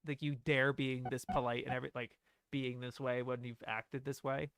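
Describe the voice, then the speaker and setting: A young man streaming casual film commentary, animated and laughing, reading dialogue lines aloud. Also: medium pitch, normal speed, clean tone, no room sound.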